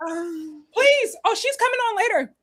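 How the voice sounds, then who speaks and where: Chatty woman host for a casual charity stream, high voice, dry close sound. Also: dry recording. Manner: chatty, excitable, quick to laugh. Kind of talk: casual chat.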